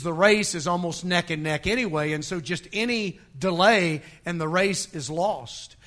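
A man preaching in a church sanctuary, his voice pitched high and ringing bright. He hammers his points home with repetition, climbing to forceful peaks before dropping low again. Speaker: pastor. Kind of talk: sermon.

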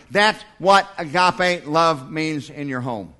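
An older man preaching a sermon with a folksy, humorous touch. His voice sits fairly high for a man, and he slips into small acted-out exchanges. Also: slow, hardly any pauses, pushed and bright. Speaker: pastor.

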